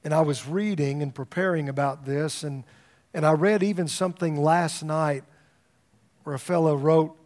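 A man's voice: a little high, steady tone, moderate pace, a little mellow. A middle-aged man, a pastor, preaching a sermon in a conversational storytelling way, often repeating words as he starts a thought.

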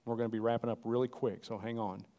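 A middle-aged man preaching a sermon, animated and calling out to the congregation. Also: mid-range voice, fast. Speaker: pastor.

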